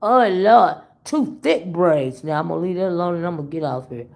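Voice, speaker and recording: A woman hosts a chatty livestream, gossiping with her viewers and cracking up at the stories. Her voice sits a little low and runs gravelly with fry, and it sounds worn from recent illness. She stretches her exclamations out long. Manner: animated, laughing, drawn-out exclamations. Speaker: livestream host reading chat. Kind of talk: casual gossip chat.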